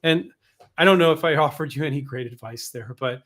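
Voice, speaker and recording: A man's voice: fairly high pitch, a little fast, a bit bright. A man hosting a show on invention licensing, talking frankly and animatedly, with casual cursing and frequent restarts. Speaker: host, invention licensing coach. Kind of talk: casual advice talk.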